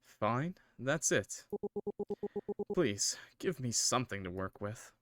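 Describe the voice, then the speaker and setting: A man's voice: mid-range voice, big pitch swings, takes it slowly, a bit bright, soft background music. A man voicing a smug, teasing male house cat in a visual novel. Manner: teasing, sly.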